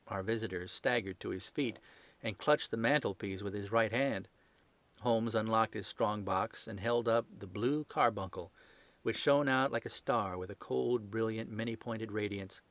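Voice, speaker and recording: A man's voice: fairly low pitch, moderate pace, fairly bright tone, no echo. Man narrating a classic story. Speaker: audiobook narrator. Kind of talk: scripted narration.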